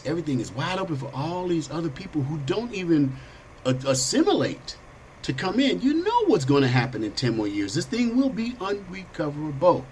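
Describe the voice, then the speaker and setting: A middle-aged man with a lowish voice hosts a political talk show. He talks bluntly and rambles in a loose, conversational way. There is a faint hiss of noise behind him. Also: a little mellow, rough recording. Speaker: host.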